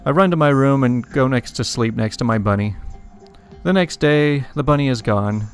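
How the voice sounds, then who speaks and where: A man's voice: mid-range voice, normal speed. A man casually reading funny internet stories aloud, chuckling and adding wry asides between them. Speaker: story reader. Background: faint music.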